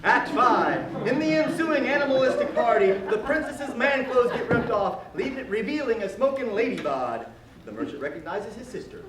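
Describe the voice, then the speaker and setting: Guy on stage doing mock-grand story recaps, highish lively voice, echoey theater. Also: moderate pace, a crowd in the background. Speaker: stage comedian. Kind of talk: live stage comedy narration. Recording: live theater recording, roomy and distant with loud audience.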